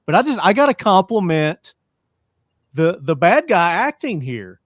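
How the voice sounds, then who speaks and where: A man's voice: sits high, very animated, a little slow, no room sound. Upbeat male podcast host, dry sound. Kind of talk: casual podcast interview.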